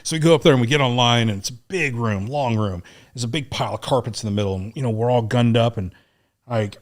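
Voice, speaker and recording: Profane, animated storyteller man. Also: mid-range voice, fast talker. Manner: animated, profane war storytelling, acts out quotes. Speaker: guest. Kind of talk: casual storytelling in a podcast interview.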